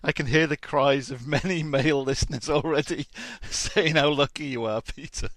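A man's voice: on the high side, fairly even intonation, a bit bright, no room sound. A man hosting an interview, eagerly asking questions and gushing as a longtime fan. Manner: enthusiastic fan, backchannels and quick agreement. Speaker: podcast host.

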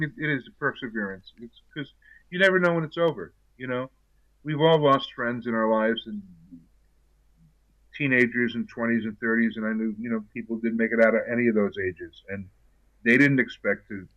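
An older man, an actor guest, chatting in an interview with many restarts and a steady "you know". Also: medium pitch, moderate pace, no echo, lo-fi sound. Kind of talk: casual interview chat.

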